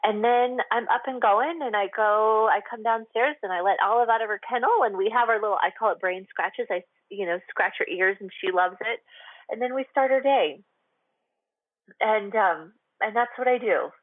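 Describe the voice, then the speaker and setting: A woman's voice: medium pitch, moderate pace, dry recording. A woman hosting a radio show, speaking candidly to her listeners with lots of "like" and "um". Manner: chatty and confessional, heavy with "like" and "um". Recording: tinny phone-line sound, dry.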